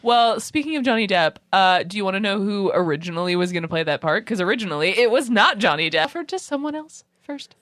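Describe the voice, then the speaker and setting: A woman's voice: medium pitch, animated, fast talker, fairly bright tone, no echo, studio quality. A woman from Canada's West Coast co-hosting a podcast, chatting playfully and animatedly about a film. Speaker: podcast co-host. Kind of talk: casual chat about a film.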